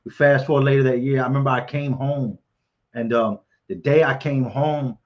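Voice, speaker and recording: A man hosting a casual interview, recapping shared events in a steady, matter-of-fact way. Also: medium pitch, moderate pace. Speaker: host. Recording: dull lo-fi audio.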